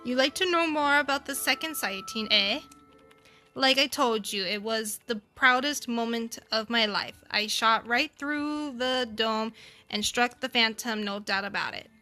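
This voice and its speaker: A woman putting on a swaggering male palace warden from a mystery game, proud of his marksmanship and his post. He speaks in a boastful, drawn-out manner and tosses in a vague accent with a tag of "eh". The voice is bright and sits a little high. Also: soft background music. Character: proud middle-aged male palace warden, ex-navy cook. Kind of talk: voicing game dialogue on a stream.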